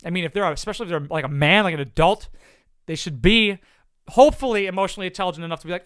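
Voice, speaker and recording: A man's voice: sits high, racing, a bit bright, clear, resonant tone, no echo. A man giving casual advice to viewers in a blunt, profane, rambling way. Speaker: content creator answering viewer questions.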